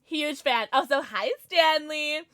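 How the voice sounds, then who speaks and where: A woman streaming a game live, chatting with her viewers in a bubbly, excitable way, sometimes mumbling, sometimes shouting. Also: high-pitched, slow, background noise. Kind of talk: live gaming stream chat.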